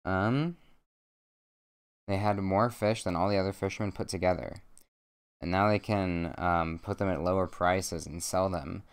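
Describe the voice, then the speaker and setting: A young man streaming from home at a desk mic, reading a bedtime story aloud with rambling, jokey deadpan asides. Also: sits low, measured pace, clean tone.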